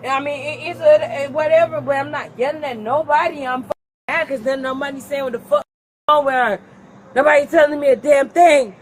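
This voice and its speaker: A distraught, grieving woman arguing loudly and profanely outdoors, repeating herself, recorded on a body camera. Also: high voice, fairly even intonation, brisk, a little hiss or hum. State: distraught from grief. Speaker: grieving resident. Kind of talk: heated street argument. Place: outdoors at a housing complex. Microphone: officer's body camera. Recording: bodycam audio with crowd behind.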